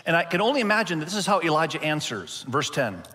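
A male pastor preaching a sermon, expressive and slowing down to stress key points. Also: fairly high pitch, big-room sound. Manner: expressive, slows down for emphasis.

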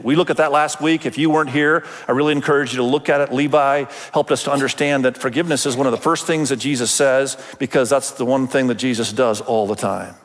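A man's voice: medium pitch, in a large hall. A man preaching a sermon as pastor, talking conversationally and acting out quoted voices.

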